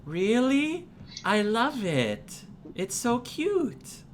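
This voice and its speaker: A man squeaking as an excitable little girl. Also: drawn-out words, slight background noise, exaggerated voice. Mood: delighted. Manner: breathless high squeals and gasps.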